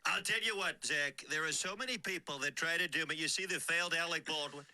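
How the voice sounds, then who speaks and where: A man doing an impression of a boastful older president, mocking other impressions in a brash, drawn-out way. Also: a little high, pushed and bright. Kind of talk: comedy impression clip.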